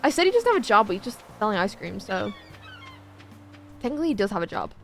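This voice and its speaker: A woman's voice: mid-range voice, sing-song, fast talker, creaky, a bit bright, faint music behind. A woman chatting casually with her viewers while she plays a farming game, rambling and talking to chat as she goes. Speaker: streamer.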